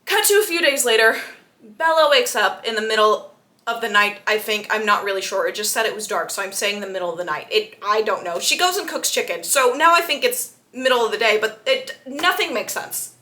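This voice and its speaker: A woman book vlogger giving a casual, sarcastic and animated retelling of a novel. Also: on the high side, fairly quick. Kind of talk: casual book recap vlog.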